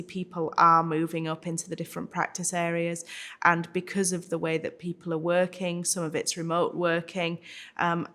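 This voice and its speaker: Low, flat-voiced English woman. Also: creaky. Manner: measured, steady explanation. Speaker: barrister. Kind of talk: documentary interview.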